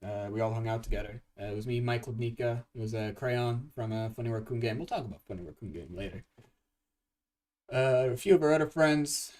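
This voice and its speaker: Excitable young man rambling on a livestream. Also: mid-range voice, a little fast, distant mic. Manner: rambling, excitable, swears a lot, many restarts. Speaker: livestream host and game composer. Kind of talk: casual livestream chat.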